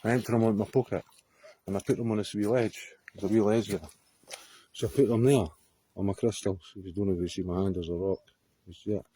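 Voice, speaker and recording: A man's voice: on the low side, steady tone, fast, dark tone, breathy edge. A Scottish man telling a story to camera outdoors on a hillside, rambling, swearing freely and often laughing. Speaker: vlogger.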